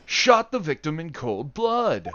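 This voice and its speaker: A man voicing a stern, haughty male prosecutor in a courtroom game, with a dramatic, drawn-out delivery. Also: on the high side, huge pitch swings, bright, forceful tone, muffled recording, slight background noise, exaggerated voice. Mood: grave.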